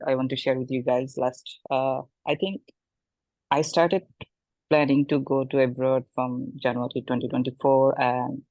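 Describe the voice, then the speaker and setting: A man from Bangladesh, giving an informal motivational talk in an online webinar, often pausing and repeating words. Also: mid-range voice, no room sound, low-quality recording. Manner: halting, repeats words, animated when quoting people. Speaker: webinar guest speaker.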